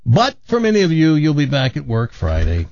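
A man hosts a radio show in casual, rambling chat, joking, interrupting himself, and putting on a Southern accent. His voice is on the high side with a darkish tone, wildly swooping pitch, and normal speed. The studio broadcast sounds slightly muffled, with no room sound.

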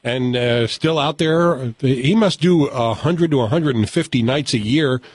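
A man's voice: medium pitch, unhurried, slightly rough, no echo. A man co-hosting a radio show, chatting in an easygoing, hesitant way from a studio. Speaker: radio co-host. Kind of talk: casual radio banter.

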